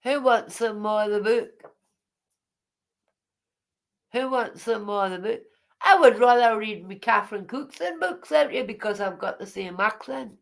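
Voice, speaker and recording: A woman's voice: on the high side, animated, measured pace, gravelly, pauses often. Chatty woman reading aloud. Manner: chatty, digressive, teasing asides. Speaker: vlogger reading her memoir aloud.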